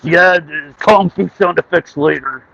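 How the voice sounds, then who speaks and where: A man's voice: fairly high pitch, a little slow, gravelly, sharp tone, highs cut off, slight background noise. A man live-streaming outdoors on a headset, joking around and mocking himself as he stages a silly street stunt. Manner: goofy, self-mocking, rambling. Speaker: livestreamer staging a mock audit. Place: outdoors on a city street by concrete.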